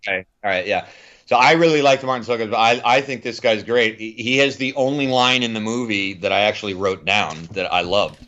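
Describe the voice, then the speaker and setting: A man's voice: fairly low pitch, a little fast, a bit bright, muffled recording. A man co-hosting a film podcast, chatting casually and rambling with frequent restarts. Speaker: podcast co-host.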